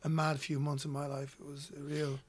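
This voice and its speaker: Irish man, guest storyteller, slightly high and monotone, rambling delivery. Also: brisk. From Ireland. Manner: rambling, repeats words when starting sentences. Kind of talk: casual storytelling.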